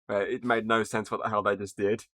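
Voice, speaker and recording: A man's voice: on the low side, flat delivery, fairly quick, sharp tone, no echo. A young man hosting a casual movie review podcast, swearing freely and laughing often. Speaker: podcast host.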